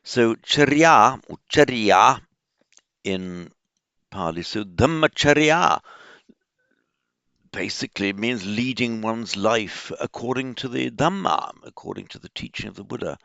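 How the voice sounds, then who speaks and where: A man giving an informal lecture on Buddhist texts, explaining word roots slowly with many fillers and restarts. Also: on the low side, creaky, fairly bright tone, dry recording. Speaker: teacher of Pali and Buddhist texts. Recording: dull, muffled lo-fi sound.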